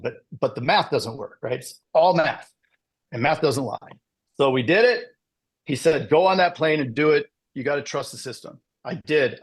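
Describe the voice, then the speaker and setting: A middle-aged man giving a casual motivational talk to insurance agents, telling his story with lively asides. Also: a little high, slightly rough. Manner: animated storytelling with frequent "right?" asides. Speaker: business speaker presenting to agents.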